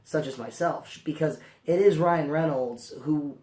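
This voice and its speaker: A man hosting a casual movie review vlog, hoarse from a cold, rambling with lots of ums and restarts. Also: fairly high pitch, a little slow, a little mellow, echoey room.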